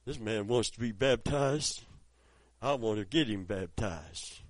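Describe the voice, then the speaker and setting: A man preaching a sermon, telling a story softly and then rising into loud, high exclamations. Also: measured pace, dry recording, poor audio.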